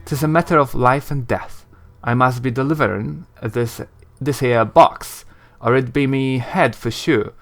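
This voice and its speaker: A man's voice: medium pitch, measured pace, hardly any pauses, fairly bright tone. A man putting on a shifty rustic beggar. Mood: pleading. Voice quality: old-timey rustic speech, "ye" and "me". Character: grimy shifty male beggar with a rustic brogue.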